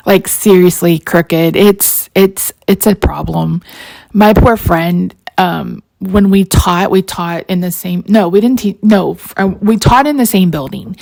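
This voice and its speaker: A woman's voice: mid-range voice, creaky, darkish tone. A woman, narrating a crafting tutorial in a rambling, chatty way full of side stories. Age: 40s. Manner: rambling, storytelling asides, frequent laughs.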